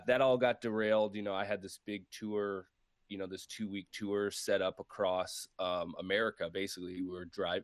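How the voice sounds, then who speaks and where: A man with a fairly low voice chatting as a guest comedian. His tone is wry and self-mocking. The mic is close and dry. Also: dry recording. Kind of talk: casual chat.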